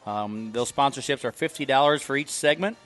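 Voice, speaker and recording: A man co-hosting a local sports talk show explains sponsorships in loose, rambling casual chat packed with fillers. His medium-pitched, slightly bright voice runs a little fast over soft background music.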